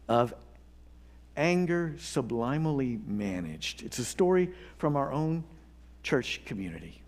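A man pastor delivering a sermon, telling a story with earnest pauses and building to emphatic appeals. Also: mid-range voice, a little mellow.

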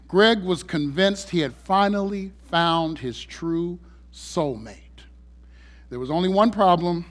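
A male pastor delivering a sermon in a conversational, humorous storytelling manner. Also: on the high side.

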